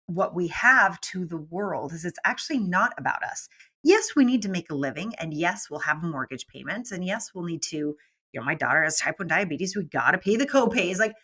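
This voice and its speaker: A middle-aged woman, a business mentor guest, talking in a casual, animated way and acting out quoted voices. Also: on the low side. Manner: animated, acts out quoted voices, laughs often. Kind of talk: casual interview talk.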